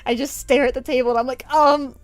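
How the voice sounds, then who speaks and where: A woman's voice: high-pitched, level tone, racing, darkish tone, no echo. A young woman streamer telling a story in a chatty, self-mocking way, laughing often. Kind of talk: casual storytime while drawing.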